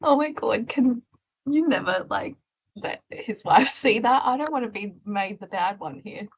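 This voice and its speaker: A woman's voice: on the high side, expressive, measured pace, slightly rough, rough recording. A woman co-hosting a casual live stream from a video call, with a mid-range voice. She is giggly and self-conscious as she chats and explains things.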